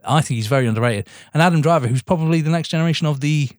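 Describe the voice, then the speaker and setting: Chatty bloke, dry close mic. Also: male voice, a little high, rapid-fire, a little mellow, no room sound. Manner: enthusiastic, swears, keeps saying "mate". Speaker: podcast co-host. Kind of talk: casual film chat.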